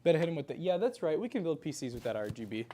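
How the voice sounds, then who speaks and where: A man's voice: on the high side, sing-song, rapid-fire, mellow, a little hiss or hum. A man helping build a computer on a stream, chatting casually and musing his questions aloud. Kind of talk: casual chat while building.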